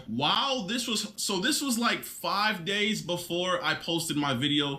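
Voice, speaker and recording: A man's voice: fairly high pitch, sharp tone. A man vlogging, telling a story casually and repeating himself as he goes.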